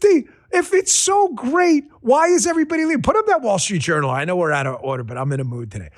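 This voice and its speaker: High-pitched ranting male talk host. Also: animated, quick pace. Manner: ranting, sarcastic, repeats punchlines for emphasis; talks straight to his audience and crew. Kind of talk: political talk show monologue.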